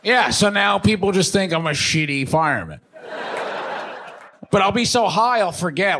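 A young man from Staten Island doing a crude, deadpan stand-up comedy set on a club stage. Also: sits high, moderate pace, gravelly, long pauses, a little hiss or hum. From Staten Island, New York. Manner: deadpan, crude, shifts into mocking voices for quoted people. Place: comedy club stage before a laughing audience.

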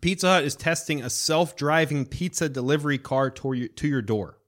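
A man co-hosting a podcast in casual chat, playful and jokey, often laughing. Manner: playful, jokey, with lively pitch and quick laughs. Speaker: podcast co-host.

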